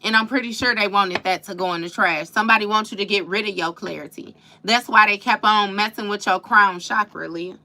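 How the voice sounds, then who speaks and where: A woman's voice: medium pitch, a little fast, few pauses, bright, forceful tone. A woman giving a casual live tarot reading, slangy and profane, laughing often and calling the listener baby. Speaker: tarot reader.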